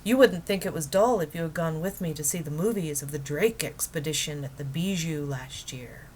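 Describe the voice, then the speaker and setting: A woman's voice: deep voice, moderate pace, a little mellow, a little hiss or hum, close to an everyday voice. A woman reading a children's book aloud, voicing an eager, dreamy middle-aged man who is enthusiastic about penguins. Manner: enthusiastic, wondering.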